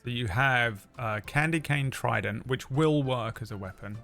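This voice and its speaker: A man's voice: mid-range voice, normal speed, gravelly, bright, forceful tone, faint music behind. A man running a tabletop role-playing game as game master, jokey and rambling, with many fillers.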